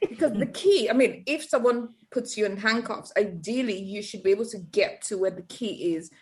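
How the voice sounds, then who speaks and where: A woman co-hosting a podcast, telling stories in animated, emphatic casual chat. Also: mid-range voice, normal speed. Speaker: podcast co-host.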